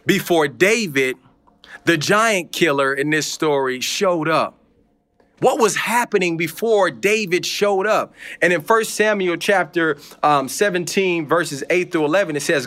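A man's voice: sits high, moderate pace, fairly bright tone. A man preaching a sermon in a conversational, encouraging way with playful asides.

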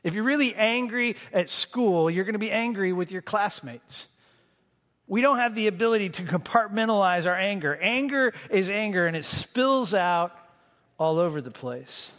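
Male pastor, high voice, dynamic sermon delivery, reverberant church hall. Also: expressive, normal speed. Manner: dynamic preaching, swings between emphatic and hushed.

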